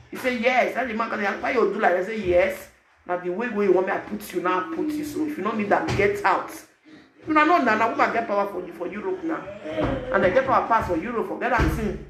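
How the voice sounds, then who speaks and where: A man speaking Nigerian Pidgin English, giving animated, preachy advice to his viewers in a casual vlog. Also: high voice, roomy sound, background noise. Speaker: vlogger.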